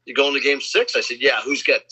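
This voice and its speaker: Husky man, dull lo-fi sound. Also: mid-range voice, fairly even intonation, fairly quick, bright, forceful tone. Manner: boastful name-dropping anecdotes, acts out quotes. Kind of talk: casual storytelling chat.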